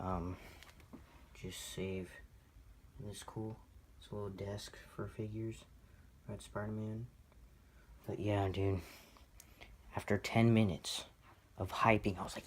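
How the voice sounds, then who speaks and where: A man vlogging about his toy collection, rambling and excitable, poking fun at his own spending. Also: sits low, a little slow, long pauses, slight background noise. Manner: excitable, rambling, self-mocking. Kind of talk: casual rambling vlog.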